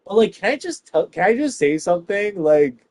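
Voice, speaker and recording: A man ranting to his viewers in a rambling, profane monologue, swinging between loud bursts and hushed asides. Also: high-pitched, sing-song, normal speed.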